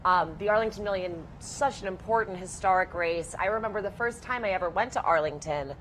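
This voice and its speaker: A woman guest on a radio show, telling stories eagerly and with clear enthusiasm. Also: medium pitch, fairly quick, fairly bright tone, slight background noise, low-quality recording. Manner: enthusiastic, storytelling. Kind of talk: casual radio interview.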